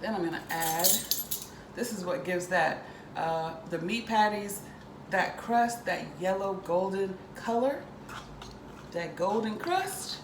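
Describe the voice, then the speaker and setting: A woman's voice: mid-range voice, animated, takes it slowly. A woman hosting a casual cooking demonstration in her kitchen, chatty and upbeat. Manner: chatty, upbeat, many ums and likes. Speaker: cooking show host. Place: home kitchen. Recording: echoey kitchen with background noise.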